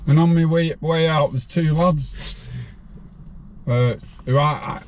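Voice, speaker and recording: A man's voice: a little high, takes it slowly, a little mellow. A man in his sixties, a podcast guest telling a rambling story from his own life in a plain-spoken way.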